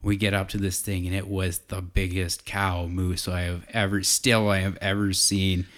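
Man, low voice, bright tone, rambling casual storytelling. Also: flat delivery, normal speed. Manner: rambling, many restarts and fillers. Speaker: guest telling a hunting story.

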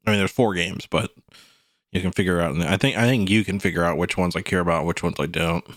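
A man co-hosting a sports podcast, talking in a rambling, animated way full of "you know" and "like". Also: low voice, fast, no room sound, studio quality. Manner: animated, slips into mock quotes. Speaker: podcast co-host. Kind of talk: casual sports chat.

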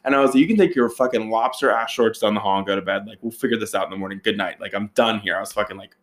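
Rapid-fire and lowish in voice, a man rattles off a wild story to his friends. He curses casually, stays animated, and acts out quoted lines with big swings in his voice.

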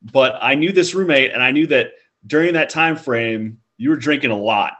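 A man's voice: medium pitch, moderate pace, fairly bright tone, dull audio. A man in a casual podcast chat, joking and teasing his friend, laughing while he talks.

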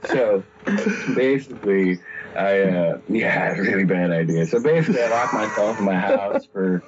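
A young man tells a long, rambling story, swearing freely and laughing as he goes. His voice sits fairly low, and a faint hiss runs under a dull, lo-fi recording. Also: expressive, moderate pace. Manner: rambling, profane, laughing often. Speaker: guest storyteller. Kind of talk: casual storytelling chat.

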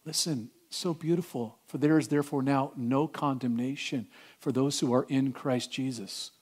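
A middle-aged man preaching a sermon, acting out voices and swinging from loud declarations to hushed, tender lines. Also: mid-range voice, steady tone, moderate pace, husky. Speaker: pastor.

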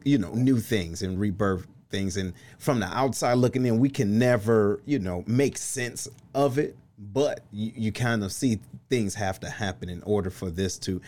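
A man hosting a live-streamed interview show, lively and excitable, shouting out viewers. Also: fairly low pitch. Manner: lively, excitable, laughs loudly. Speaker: host.

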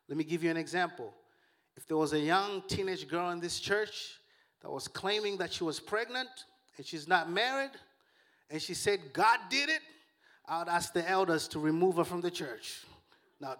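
Pastor, male, high-pitched voice, lively joking sermon delivery. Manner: animated, joking preacher who calls out to the congregation.

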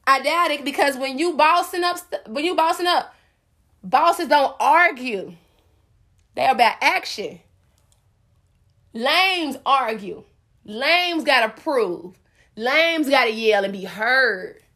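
A woman's voice: high voice, expressive, slow, long pauses, sharp tone. A woman hosting a solo podcast, preaching at her listeners with sass and speaking directly to them. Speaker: podcast host.

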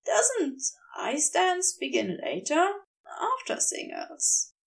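Nervous, proud teenage boy, voiced by a woman; stiff politeness cracking, pitched high, slow. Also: huge pitch swings, creaky, recorded from a distance, heavily acted. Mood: flustered.

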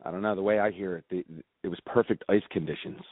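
A man's voice: deep voice, steady tone, fast, no echo. A man in his forties chatting casually, teasing and swearing in a laid-back way. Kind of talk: casual chat. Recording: dry, phone-like narrow sound.

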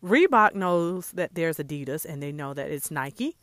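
A woman's voice: low-pitched, animated, moderate pace, a bit bright, no echo, clean studio sound. A woman hosting a casual solo podcast, a jewelry maker talking earnestly and chatting straight to her listeners with lots of asides. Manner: earnest and heartfelt.

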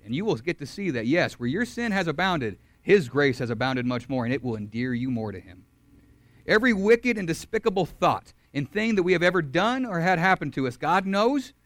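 An earnest young man preaching, his voice sitting a little high for a man. He swings between loud, emphatic lines and soft, quiet ones. The sound is close and dry, with no room around it. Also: no echo. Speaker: campus ministry speaker. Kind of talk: sermon.

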